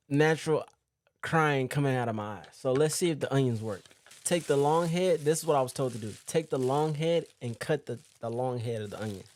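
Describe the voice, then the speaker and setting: A young man talking casually to camera from home as a poker vlogger, chatty and animated, speaking straight to his viewers. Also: a little high. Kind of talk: casual vlog talk to camera.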